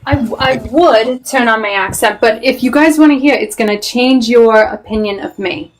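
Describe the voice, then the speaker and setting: Animated, profane woman telling stories. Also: fairly high pitch, moderate pace, rough recording. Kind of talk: casual heated chat.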